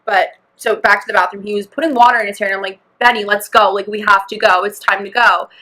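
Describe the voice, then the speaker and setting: A woman's voice: mid-range voice, fairly even intonation, fast talker, sharp tone. A young woman co-hosting a podcast, telling a long story in a rambling, laughing way, full of "like" and acted-out quotes. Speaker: podcast co-host. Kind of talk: casual chat storytelling.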